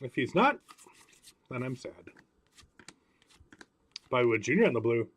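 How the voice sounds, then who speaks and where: A man's voice: medium pitch, sing-song, unhurried, fairly bright tone. A man hosting a live card break stream, chatting with viewers by name as he calls out each card pulled. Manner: chatty, greets viewers by name while calling out cards.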